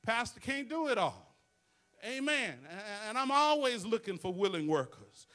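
Preacher man, really high voice, bright and punchy, tosses in amens. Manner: preaching with call-and-response asides. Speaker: pastor. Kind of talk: sermon. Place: church sanctuary.

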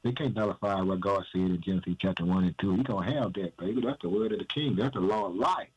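Husky-voiced man preaching. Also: low voice, fast, dull audio. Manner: asks and answers his own questions, peppered with "man"; emphatic, repetitive cadence. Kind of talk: informal sermon.

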